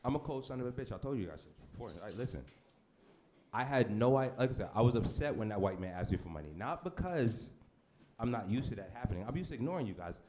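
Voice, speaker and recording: A man performing a brash stand-up comedy set on a club stage, with deadpan shock delivery and asides to the crowd. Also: medium pitch, quick pace. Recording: noisy live club recording. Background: audience laughter.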